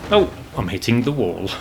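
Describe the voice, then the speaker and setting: Against a noisy background, a gaming channel host with a creaky, medium-pitched voice chats casually over gameplay from his home apartment. He rambles, sounds frustrated, and swears often.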